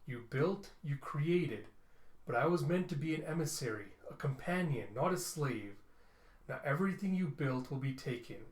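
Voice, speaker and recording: A man voicing a calm, judging male robot, read slowly and solemnly from a comic. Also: on the high side, natural voice. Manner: slow, measured, solemn. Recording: roomy echo.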